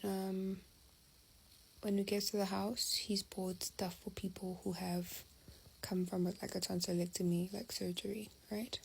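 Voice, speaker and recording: A woman's voice: mid-range voice, measured pace, gravelly, a little hiss or hum, low-quality recording. A young adult woman, telling a personal story in casual storytime style, often dropping to a half-whisper. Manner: confiding, animated retelling, often half-whispered.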